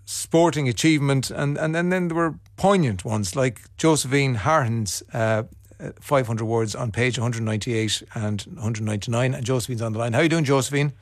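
A man's voice: medium pitch, brisk, dry recording. Stammering male radio host, dry sound. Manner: warmly hesitant, with stammered restarts. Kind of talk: radio interview.

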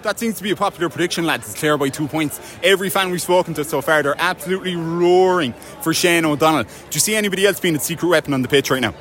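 Reporter doing street interviews, fast and upbeat, bit high voice. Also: male voice, fairly bright tone. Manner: upbeat, quick questioning. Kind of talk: street vox pop interviewing.

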